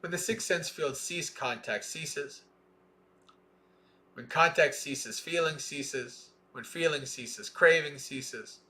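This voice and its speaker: Man slowly reciting scripture. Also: on the high side, sharp tone. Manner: slow, measured recitation. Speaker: Dhamma reader. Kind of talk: scripture reading with commentary.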